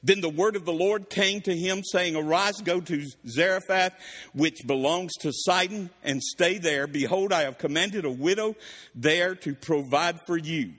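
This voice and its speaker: A man preaching a sermon. He reads scripture and breaks off to explain it with lively asides, in a voice pitched a little high. A long reverb trails after his words in a large hall. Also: measured pace. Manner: reads verses then explains them, with animated asides.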